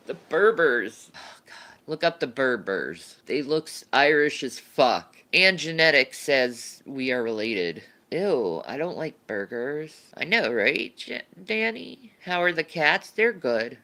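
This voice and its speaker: A woman's voice: low voice, big pitch swings, takes it slowly, fairly bright tone. A woman livestreamer chatting casually and answering viewer questions, rambling and laughing, often restarting her sentences.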